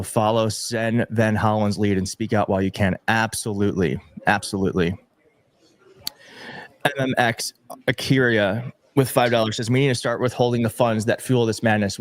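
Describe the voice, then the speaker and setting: A man's voice: on the low side, dry recording. A young man hosting a live stream, reading out viewer messages and thanking donors in an emotional, grateful, slightly fumbling way. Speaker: livestream host reading viewer donations. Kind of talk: casual live-stream chat.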